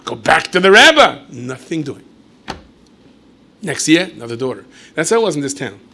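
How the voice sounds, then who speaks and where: A man's voice: fairly high pitch, sing-song, normal speed, creaky, pushed and bright. A man, a rabbi, telling a story in a lecture with playful asides and acted dialogue.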